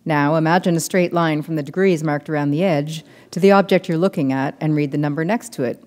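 A woman's voice: low voice, fairly quick, darkish tone, close to an everyday voice. A woman reading aloud, voicing an earnest young man who explains things patiently. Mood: coaxing.

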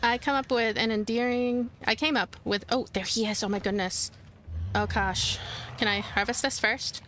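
Casual gameplay commentary comes from a female let's play host whose fairly bright voice sits on the high side, steady in tone and at normal speed. Chatting easily with viewers through a horror game, she lets out shrieks and giggles when frightened, over a slight hiss or hum.

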